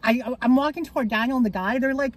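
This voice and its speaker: A woman's voice: high-pitched, fast talker, dry recording. A young woman chatting casually, laughing easily and using many fillers. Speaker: co-host partner. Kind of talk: casual storytime chat.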